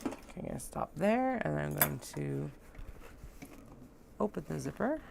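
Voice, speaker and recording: A woman's voice: sits low, sing-song, measured pace, gravelly, background noise. A woman talking casually as she sews, joking and chatting to herself while she works in a home sewing room. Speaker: sewing vlogger.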